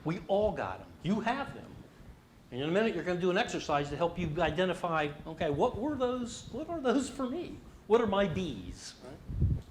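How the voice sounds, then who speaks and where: A middle-aged man with a high voice presents a leadership workshop at a moderate pace, using big pitch swings and plenty of animation. He keeps it interactive by asking the audience questions. A little hiss or hum is present.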